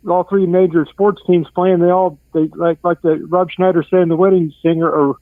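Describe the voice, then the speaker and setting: An older man calls in over a tinny, dry phone line. He is chatty and blunt, excusing his own cursing as he goes, and his voice sits a little high. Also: level tone, normal speed, no echo. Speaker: caller. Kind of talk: casual sports chat.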